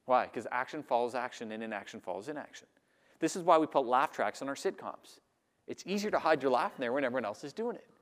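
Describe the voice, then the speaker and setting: A man giving a lively talk to a live audience, acting out the voices of the people he describes. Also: mid-range voice, fast talker. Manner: animated, acts out audience voices. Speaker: public speaker. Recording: long hall reverb.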